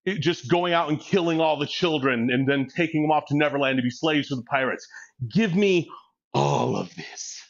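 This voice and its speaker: A man in his forties chatting casually during a gym workout, crude and joking, laughing often as he tells stories. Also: a little high. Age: 40s. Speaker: fitness vlogger. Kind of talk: casual chat between sets. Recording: dull lo-fi recording.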